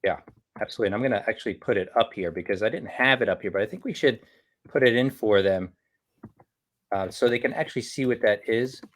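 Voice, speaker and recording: A man's voice: on the low side, fast talker, a bit bright. A man co-hosting a live online business show, chatting casually, laughing often and greeting viewers by name. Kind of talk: casual live-stream chat.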